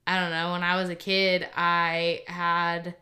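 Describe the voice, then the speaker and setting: A woman's voice: fairly low pitch, monotone, unhurried, pushed and bright. A woman co-hosting a podcast in casual chat, dry and teasing.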